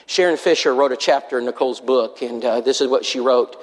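Earnest preacher in a reverberant hall. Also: male voice, mid-range voice, a little fast. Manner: earnest, acts out quoted voices. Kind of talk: sermon storytelling.

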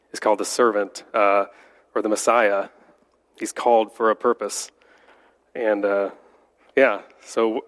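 A man teaching a church Bible class, congested and slightly nasal from a cold, talking conversationally with fillers and restarts. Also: medium pitch.

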